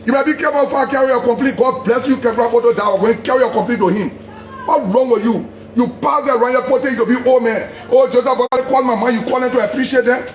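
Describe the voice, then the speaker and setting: A man with a Liberian English accent giving a heated, accusatory public address, repeating himself and sometimes shouting. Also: extremely high pitch, fast, muffled recording. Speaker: politician. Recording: echoey room, faint background noise.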